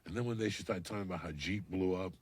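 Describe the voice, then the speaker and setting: A man's voice: sits low, fast talker, a little hiss or hum. A middle-aged man telling a story on a podcast in a casual, profane way, acting out other people's voices as he goes. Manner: profane, animated, acts out voices in his stories. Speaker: podcast guest.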